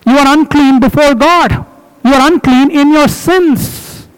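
A man with a high voice preaches a sermon to his congregation. He drives each point home with emphatic repetition and stops to explain words along the way. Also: clean tone, poor audio.

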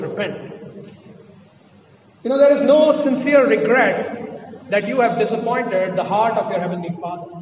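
A high-pitched male pastor preaches with earnest insistence, hammering his points home by repeating them. He is heard from a distance in a large, echoing hall. The sound is slightly muffled, with faint room noise behind him. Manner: earnest, repeats key phrases for emphasis. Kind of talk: sermon. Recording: distant mic in a reverberant hall.

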